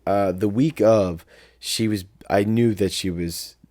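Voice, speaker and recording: A man's voice: on the low side, slow pace, darkish tone, no echo, studio quality. A young man from South Jersey co-hosting a podcast, telling a story in casual, rambling chat full of swearing and quoted asides. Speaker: podcast co-host.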